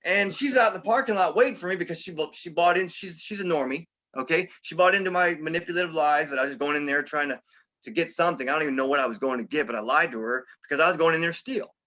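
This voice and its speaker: Fast, bright-voiced man telling his story. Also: on the high side. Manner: conversational, peppered with "you know" and "okay?"; street-style slang. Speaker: interview guest. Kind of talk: candid recovery story. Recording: slightly dull, lo-fi audio.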